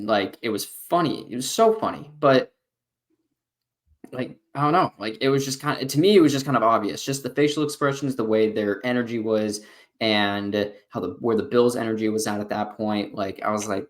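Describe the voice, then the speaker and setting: A man's voice: on the low side, moderate pace. A young man co-hosting a casual sports podcast, telling a story and acting out what he said with lots of filler words. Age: young adult. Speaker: podcast co-host.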